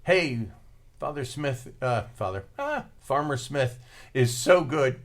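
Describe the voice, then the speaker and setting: An eager farmyard chicken, keen to cook breakfast for the farmer, as a man puts it on while telling a joke. It is spoken in a plain, mid-pitched voice with a lift of excitement. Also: slow pace. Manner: eager, suggesting a treat.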